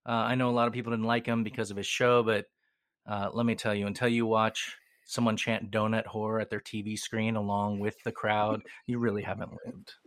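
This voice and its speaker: Male co-host, meandering casual talker, lowish voice. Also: little pitch movement, a little fast, fairly bright tone, no echo, studio quality. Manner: rambling, with frequent restarts and chuckles. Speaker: podcast co-host. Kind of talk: casual chat.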